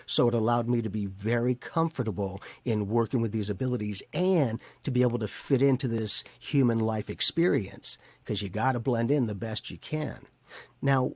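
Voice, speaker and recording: Male interview host, relaxed, long questions, medium pitch, dry sound. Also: no room sound. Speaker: podcast host. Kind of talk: interview conversation.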